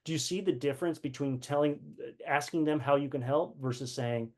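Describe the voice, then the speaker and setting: Earnest male leadership teacher, slightly high-pitched, animated storyteller. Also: moderate pace. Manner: earnest, repeats words, acts out quoted dialogue. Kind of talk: personal teaching talk.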